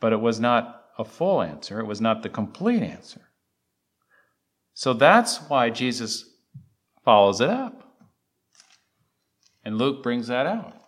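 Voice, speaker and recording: A man's voice: mid-range voice, very animated, takes it slowly, long pauses. A man preaching a sermon, reciting scripture and asking the congregation emphatic questions. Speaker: pastor.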